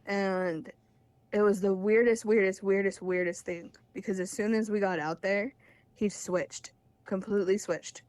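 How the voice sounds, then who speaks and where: Young woman caller, candid rambling storyteller with nervous laughs, middle pitch, dry close sound. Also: steady tone, a little slow, darkish tone, no echo. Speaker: caller sharing her story. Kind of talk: casual personal storytelling.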